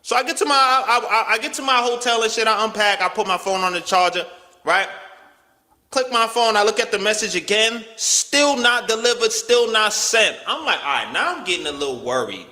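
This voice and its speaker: A man's voice: normal speed, big-room sound. A man telling a casual, slangy story, acting out the quotes with big swings in his voice. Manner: animated, slangy, swings pitch widely, acts out quotes.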